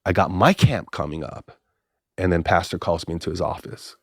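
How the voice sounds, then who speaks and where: A middle-aged man from the Big Island of Hawaii, a pastor telling stories as a podcast guest, acting out conversations with big jumps in pitch. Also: moderate pace, vocal fry, dry recording, clean studio sound. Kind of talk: casual storytelling interview.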